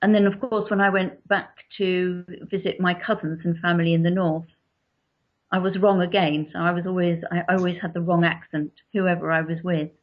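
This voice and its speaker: A woman with a southern English accent answers interview questions at measured length, explaining each point with care. Her voice is fairly low for a woman. The sound is dull and lo-fi. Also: level tone. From England. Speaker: author. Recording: dull lo-fi recording.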